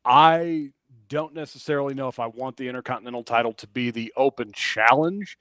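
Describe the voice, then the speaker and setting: A man's voice: mid-range voice, brisk, fairly bright tone, clean tone, dry recording. A man co-hosting a wrestling podcast, casually recapping the week's show and acting out the wrestlers' promos. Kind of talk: casual chat.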